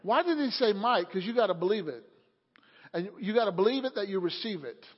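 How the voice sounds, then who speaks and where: A man preaching a sermon, telling a story calmly and then rising to loud, fervent preaching. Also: sits high, brisk, slightly rough. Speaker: pastor. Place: church sanctuary. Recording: muffled sound in a reverberant hall.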